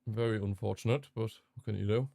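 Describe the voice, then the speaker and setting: A young man hosting a live football watchalong, chatting casually and repeating himself, with sudden bursts of excitement. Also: fairly low pitch, fast talker, creaky, no room sound, clean studio sound. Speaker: watchalong host. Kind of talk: casual live match commentary.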